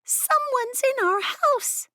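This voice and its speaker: A woman voicing a small, frightened goblin girl who talks in a whispering squeak. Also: expressive, takes it slowly, sharp tone, no echo, studio quality, full character voice.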